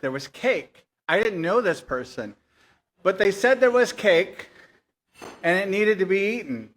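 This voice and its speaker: Bright, chatty male event host. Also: high voice. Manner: chatty and joking. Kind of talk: casual emcee chat with an audience.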